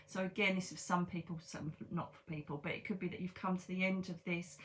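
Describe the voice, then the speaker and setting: A woman's voice: on the low side, fairly bright tone. A woman, giving a chatty, reassuring tarot reading and repeating herself for emphasis. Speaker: psychic medium.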